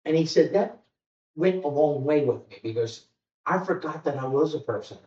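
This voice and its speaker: A man who hosts a podcast and works as a corrections officer, telling a long casual story in an animated way and retelling conversations. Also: on the high side, normal speed. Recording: echoey, distant, dull sound.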